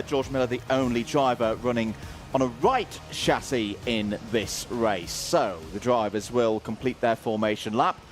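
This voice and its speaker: A man commentating a kart race live, steady and informative as he sets out the grid. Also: on the low side, slight background noise.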